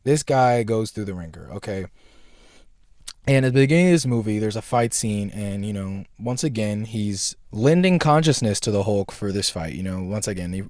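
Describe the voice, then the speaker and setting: A man's voice: fairly low pitch, darkish tone, no echo, clean studio sound. A young man hosting a casual commentary video, rambling in slangy talk and often checking in with his listener. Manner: rambling, slangy, keeps asking "right?". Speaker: video essay host.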